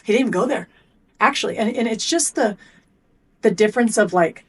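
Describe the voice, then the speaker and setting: A woman's voice: on the high side, fairly quick, breathy edge. A middle-aged woman being interviewed as a performance coach, telling blunt stories and acting out both sides of conversations. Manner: animated storyteller acting out coach and athlete exchanges; blunt, swears casually. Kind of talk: podcast interview.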